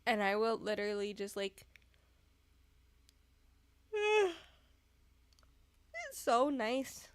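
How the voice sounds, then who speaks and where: A woman's voice: fairly high pitch, big pitch swings, extremely slow, pauses often, no room sound. A young woman in casual chat to her viewers at home, sleepy and yawning, often giggling. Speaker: streamer. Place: indoors at home.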